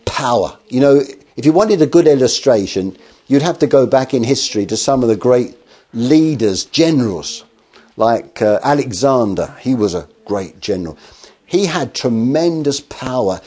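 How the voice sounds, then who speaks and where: A man's voice: medium pitch, lively intonation, moderate pace, dark tone, husky. A man preaching a sermon, telling stories with acted quotes and rhetorical questions.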